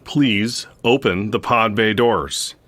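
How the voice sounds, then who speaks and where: A man playing a stranded astronaut who stays calm and deadpan, making requests in an understated way. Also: on the low side, slow. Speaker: podcast host.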